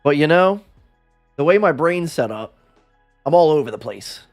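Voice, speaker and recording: A man's voice: fairly high pitch, animated, normal speed, soft background music. A man livestreaming in a casual chat, rambling and self-deprecating as he talks with his viewers.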